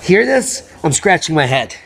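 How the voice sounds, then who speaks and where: This is a man hosting his own weather commentary, who mocks the mainstream forecasters with sarcastic asides. His voice sits high for a man and has a bright, sharp edge. He talks combatively. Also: very animated, normal speed, creaky. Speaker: weather channel host. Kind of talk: ranting commentary on news.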